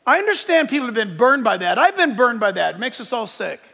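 Older guy pastor preaching, really high and gravelly, animated and jokey. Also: fast talker, big-room sound. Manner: animated, joking, emphatic. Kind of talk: sermon.

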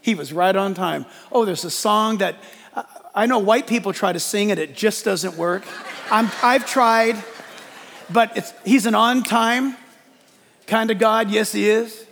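A male pastor preaching a lively sermon in church, joking and acting out quotes as he goes. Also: sits high, normal speed, creaky, long reverb tail. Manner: animated preaching with jokes and acted-out quotes.

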